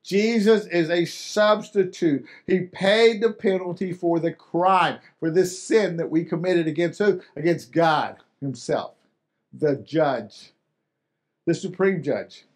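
A pastor preaching a sermon, emphatic and repetitive, stumbling over restarts, dropping low and soft, then rising loud. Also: male voice, takes it slowly. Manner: swings between loud and soft, acting out quotes.

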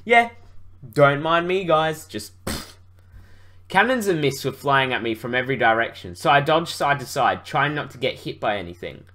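A man's voice: mid-range voice, pushed and bright. Sarcastic young man reading aloud. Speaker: video creator reading his old book. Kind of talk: mocking reading commentary.

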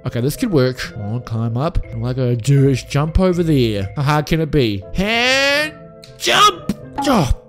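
A young man hosting a game role-play, excitable and gasping, talking to his viewers as family. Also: mid-range voice, brisk, few pauses, soft background music. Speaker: gaming channel host. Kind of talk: let's-play role-play commentary.

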